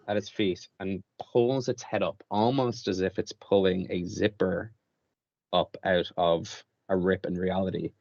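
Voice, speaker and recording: A man narrating a tabletop game as game master, with relaxed, lively description. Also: low-pitched, no room sound, muffled recording.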